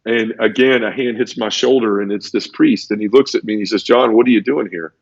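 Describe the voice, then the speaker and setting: A man's voice: fairly low pitch, fairly quick, creaky. A man telling the story of his conversion in an earnest, emotional testimony, often repeating words as he goes. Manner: earnest, repeats words, acts out quoted voices. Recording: dull lo-fi audio.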